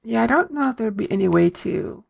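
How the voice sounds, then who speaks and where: A woman with a gravelly, fry-laden voice co-hosts a casual podcast, recapping an episode in a chatty, easygoing way. She laughs readily as she talks. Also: fairly high pitch, expressive, fairly quick, darkish tone. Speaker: podcast co-host.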